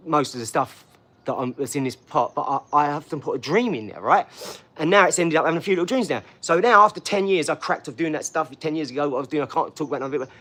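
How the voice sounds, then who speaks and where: A middle-aged man hosting a live stream, talking in loud, hyped, streetwise banter. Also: on the high side. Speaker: livestream host. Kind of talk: casual live-stream chat.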